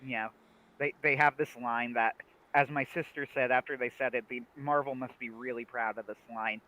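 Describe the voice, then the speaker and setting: A young man casually chatting on a livestream about a TV series, animated, laughing often and restarting his sentences. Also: medium pitch, normal speed, rough recording. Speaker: livestream co-host.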